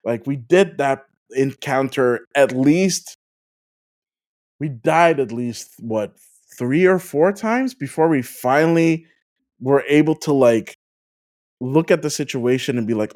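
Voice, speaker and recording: Casual gaming podcast host, animated storyteller, lively swooping pitch. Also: takes it slowly. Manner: animated, full of "like" fillers; laughs through stories.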